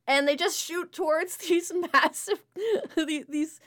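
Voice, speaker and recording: High-voiced giggly woman game master. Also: steady tone, unhurried, a bit bright. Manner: giggly, rambling with fillers. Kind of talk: narrating a tabletop game.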